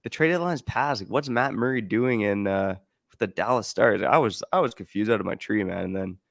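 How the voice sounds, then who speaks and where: A man with a low, gravelly voice, co-hosting a podcast in relaxed chat. He explains his points in a measured way, with plenty of fillers. The recording is dry and close. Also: no room sound. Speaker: podcast co-host. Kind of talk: casual sports podcast chat.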